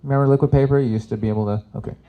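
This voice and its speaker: A man's voice: mid-range voice, steady tone, very fast, phone-quality sound. A man in his forties from Canada doing chatty stand-up comedy as a workshop host. He swears freely and laughs at his own jokes. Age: 40s. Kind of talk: live stand-up comedy talk.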